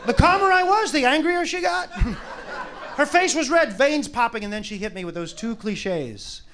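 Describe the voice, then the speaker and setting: Crude brash comic guy, really high lively voice, noisy club. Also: normal speed. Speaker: stand-up comedian. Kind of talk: stand-up comedy routine. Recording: noisy live club recording.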